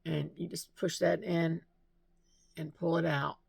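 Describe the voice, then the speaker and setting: Gravelly-voiced woman, gushing vlog chat. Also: sits low, level tone, measured pace, darkish tone, dry recording. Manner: gushing, chatty, laughs often. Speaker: vlogger showing mail and gifts. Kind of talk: casual chat to camera.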